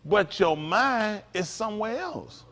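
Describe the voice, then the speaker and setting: A pastor speaks slowly in a high-pitched, fairly bright voice with lively intonation, giving a conversational sermon to his congregation. He often makes asides to the room, and the synagogue sanctuary recording has long hall reverb.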